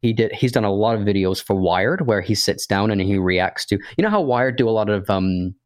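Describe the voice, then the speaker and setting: A man's voice: lowish voice, fairly quick, dry recording, studio quality. A man co-hosting a podcast in casual chat, rambling and thinking aloud with many restarts and fillers. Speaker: podcast co-host.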